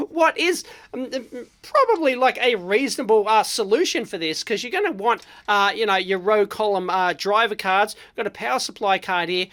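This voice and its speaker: An Australian woman of middling pitch talks her way through a hands-on teardown in casual, unscripted commentary. She is blunt and excitable, with lots of exclamations and loose fillers between her thoughts. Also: normal speed. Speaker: electronics vlog host.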